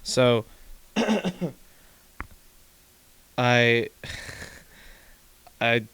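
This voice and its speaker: A young man hosting a casual podcast from his home room, telling stories in an animated way and swearing freely. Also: mid-range voice, extremely slow, smooth, no echo. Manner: animated storytelling, swearing, laughing. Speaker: podcast host. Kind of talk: casual chat.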